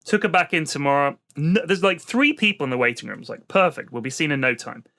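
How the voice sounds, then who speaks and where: A man's voice: fairly high pitch, fast talker. A British man, a parent, telling a long exasperated story on a comedy podcast. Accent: British English. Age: adult parent. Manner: animated, exasperated storytelling with swearing. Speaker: podcast co-host.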